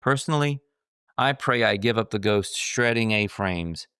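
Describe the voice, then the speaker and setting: A man's voice: fairly low pitch, normal speed, bright, forceful tone, smooth, no echo, clean studio sound. A middle-aged man narrating his own memoir in a wry, self-mocking storytelling manner.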